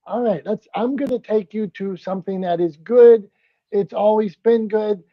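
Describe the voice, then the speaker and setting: Playful higher-voiced American man hosting. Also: normal speed, dry recording. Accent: regional American. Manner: playful, excitable, lots of restarts. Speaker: host. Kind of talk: casual podcast banter. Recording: slightly dull lo-fi sound.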